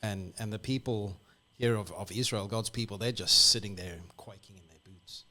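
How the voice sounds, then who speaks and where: An Australian man retelling a bible story on the radio in a lively, animated way. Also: fairly low pitch, normal speed. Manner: lively, animated storyteller who acts out characters. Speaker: church guest.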